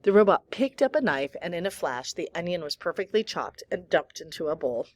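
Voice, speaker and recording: A woman calmly reading a children's novel aloud, unhurried, with small slips now and then. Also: fairly low pitch. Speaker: audiobook reader.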